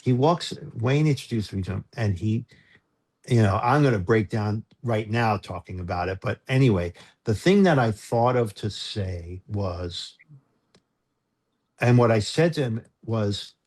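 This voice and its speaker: A man speaking as a guest musician in a casual interview, telling a story in a halting, self-interrupting way and getting choked up. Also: on the low side, expressive, a little mellow. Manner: halting, self-interrupting, emotional when recalling.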